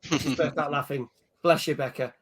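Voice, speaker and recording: A man's voice: fairly high pitch, fairly even intonation, moderate pace. A man hosting a casual gaming chat show, reading out viewer messages and scores. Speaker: podcast host.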